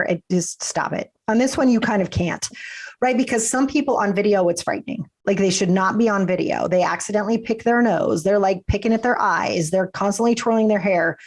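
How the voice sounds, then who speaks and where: Chatty woman guest with a cold. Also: mid-range voice. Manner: chatty, animated, acts out quotes. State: has a cold. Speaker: podcast guest, business coach. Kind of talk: casual interview chat.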